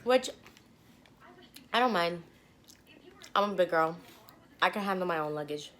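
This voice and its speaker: A young woman vlogger telling a story to the camera between bites, animated and blunt, with the odd swear word. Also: on the low side, unhurried, slight background noise. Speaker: mukbang vlogger. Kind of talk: storytime chat while eating.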